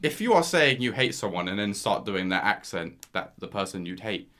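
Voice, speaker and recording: A man co-hosting a casual podcast, talking in an animated way, laughing often and calling his friend "mate". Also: fairly low pitch, moderate pace. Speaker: podcast co-host. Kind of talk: casual chat.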